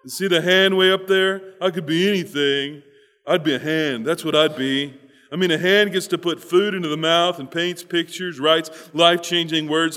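A sheepish talking foot, as a preacher puts it on. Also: male voice, a little high, a bit bright, clean tone, big-room sound, natural voice. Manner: sheepish, whiny, hesitant. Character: humble, self-pitying talking foot, male.

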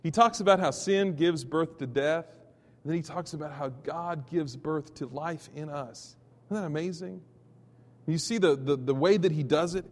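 Texan pastor preaching in a reverberant hall. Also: male voice, on the high side, moderate pace, a little hiss or hum. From Texas. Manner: storytelling with restarts and sudden loud peaks. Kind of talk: sermon.

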